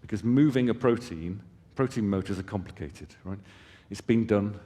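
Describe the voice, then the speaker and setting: A man delivers a conference presentation from a hall stage, explaining in a relaxed, conversational way with off-hand asides to the crowd. His voice sits a little low, and a long hall reverb trails behind each phrase. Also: normal speed. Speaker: company presenter.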